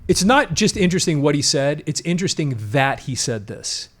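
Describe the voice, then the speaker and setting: A man's voice: a little high, expressive, brisk, fairly bright tone. A man hosting a casual talk show, explaining at length with frequent restarts and emphatic asides. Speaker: podcast host. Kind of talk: casual conversational commentary.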